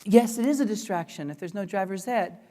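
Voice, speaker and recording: A man is giving an energetic talk at an education conference. He speaks playfully and leans hard on his points. His voice rings out with a long reverb from the conference hall. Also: high-pitched, a little fast. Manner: animated, playful, emphatic. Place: conference room.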